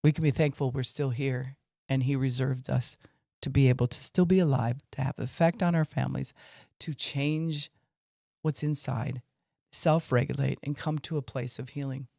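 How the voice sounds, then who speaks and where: A man's voice: medium pitch, steady tone, normal speed, creaky, mellow, dry recording, studio quality. A man teaching on faith and emotions in an informal podcast talk, with fillers, acting out what people say.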